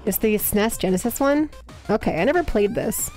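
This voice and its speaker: Woman streamer, casual swearing, sudden loud yelps, bouncy animated pitch. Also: moderate pace, soft background music. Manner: excitable, swears a lot, bursts into high yells. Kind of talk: live stream chat while playing a guessing game.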